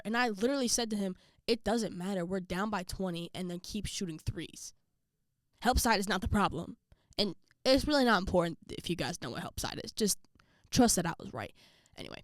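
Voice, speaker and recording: Young woman telling a lively story. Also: a little fast, no room sound, clean studio sound. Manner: animated, acts out quotes with pitch jumps and asides to viewers. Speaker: vlogger. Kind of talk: casual storytelling to camera.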